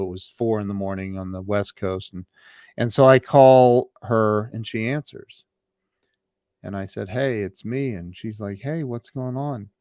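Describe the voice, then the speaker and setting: A man's voice: on the low side, smooth, dry recording, clean studio sound. A man from the United States, a guest on a remote call, telling a personal story with many restarts and fillers. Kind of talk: storytelling in an interview.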